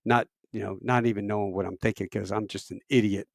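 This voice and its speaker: A middle-aged man, a military veteran, telling a long personal story in a casual, animated way, with self-deprecating asides and rambling fillers. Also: fast, gravelly, dry recording, clean studio sound. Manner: animated, acts out quoted voices with big pitch jumps.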